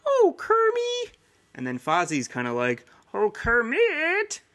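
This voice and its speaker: A man doing silly high puppet voices. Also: huge pitch swings, slow, a bit bright, heavily acted. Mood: squealing. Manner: comic voice impressions. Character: famous puppet voices, high and squeaky to gravelly.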